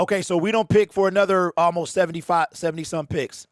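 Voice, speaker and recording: A man hosting a casual fan livestream, animated and slangy, talking straight to his chat. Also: high voice, fast, hardly any pauses, no echo. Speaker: livestream host.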